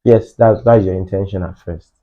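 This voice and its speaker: A man's voice: sits low, steady tone, moderate pace, narrow, tinny audio. A man with a Nigerian accent talking emphatically in a casual podcast chat, often slipping into Pidgin.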